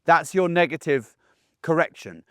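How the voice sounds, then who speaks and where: Man, middle-aged, dog trainer, instructional talk, higher voice, dry sound, assertive, down-to-earth. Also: lively intonation, a little slow, no room sound. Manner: plain-spoken, assertive, down-to-earth; checks in with frequent "okay?".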